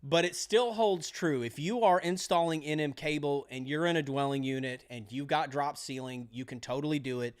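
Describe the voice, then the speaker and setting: Upbeat man coaching electricians. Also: on the high side. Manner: energetic, pep-talk, repeating key phrases. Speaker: electrical exam prep coach. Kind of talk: motivational trade lesson.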